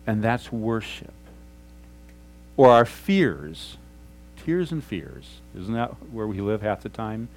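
A middle-aged man preaching a sermon as pastor, earnest and conversational, dropping to soft, hushed tones for prayerful lines. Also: lowish voice, sing-song, takes it slowly, long pauses, poor audio.

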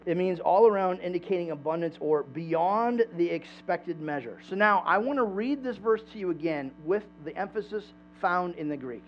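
A man preaching a sermon in a church, conversational and animated, asking the congregation questions. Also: high-pitched, moderate pace, hardly any pauses, faint music behind. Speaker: pastor. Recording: dull lo-fi sound with mains hum.

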